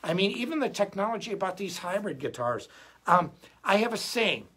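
A middle-aged man hosting a guitar live stream, chatting casually and rambling in an animated way, often restarting his sentences. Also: sits high, a little fast, husky. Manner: rambling, animated, self-interrupting. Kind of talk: casual livestream chat.

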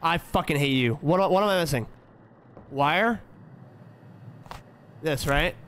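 A man's voice: a little high, slow. A young man streaming a horror game, chatting to himself, trash-talking the characters and swearing freely. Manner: profane, trash-talking, jumps to frantic yelling when scared. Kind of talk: horror game let's-play commentary.

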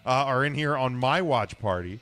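A man hosting a casual talk show, rushing through plugs and updates. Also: medium pitch, animated, fairly bright tone. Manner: fast, hurried, plugging shares. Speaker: podcast host. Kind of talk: casual chat. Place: studio.

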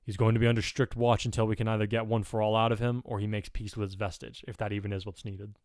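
A weary, stern male teacher, read by a man. The voice sits a touch lower and softer than his narration, dry and close-miked. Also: flat delivery, fast, dry recording, close to an everyday voice.

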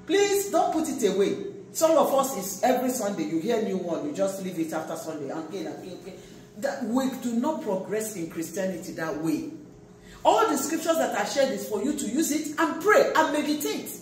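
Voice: medium pitch, sing-song, moderate pace, a little hiss or hum. Preacher in an echoey hall. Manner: emphatic preaching, swinging between loud exhortation and quiet asides. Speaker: pastor. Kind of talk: sermon. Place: large echoey church hall. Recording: echoey church hall from far off.

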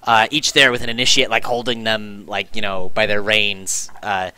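A man's voice: on the low side, flat delivery, normal speed, sharp tone, clean tone. A man narrating as game master of an online tabletop game, describing scenes with casual fillers.

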